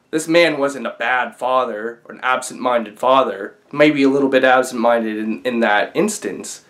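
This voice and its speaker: Man telling a story casually. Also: mid-range voice. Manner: conversational, with fillers and restarts. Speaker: vlogger.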